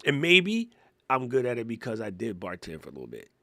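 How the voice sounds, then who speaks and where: Animated man from Hawaii telling stories. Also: medium pitch, fairly quick, dry recording. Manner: animated storytelling, acts out voices in anecdotes. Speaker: podcast co-host. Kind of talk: casual live podcast chat.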